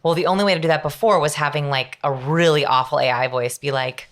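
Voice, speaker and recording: A middle-aged woman, a guest on an interview podcast, explaining her ideas in an energetic, emphatic way with lots of examples. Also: low voice, fast. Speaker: guest, behavioral researcher. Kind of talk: conversational interview.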